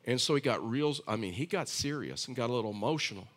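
A man's voice: medium pitch, lively intonation, fast. Storytelling male pastor with grandkids. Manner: conversational storytelling with frequent restarts and asides. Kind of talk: sermon with personal story.

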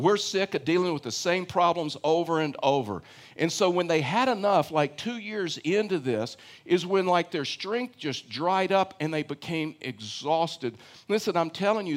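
An older man preaching a sermon as pastor, conversational, repeating phrases for emphasis and asking the congregation questions. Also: fairly high pitch.

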